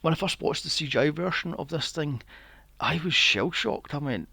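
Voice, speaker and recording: Brief: male podcast co-host, gravelly and lively, dry close sound, exasperated sweary movie rants. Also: fairly high pitch, moderate pace, dry recording. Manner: sweary, exasperated ranting with mocking impressions. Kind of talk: casual movie review chat.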